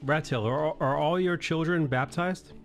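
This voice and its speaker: A man's voice: fairly high pitch, measured pace, faint music behind. Joking, swearing man hosting a stream. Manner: joking, swears freely, laughs often. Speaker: stream host. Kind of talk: casual chat while drawing.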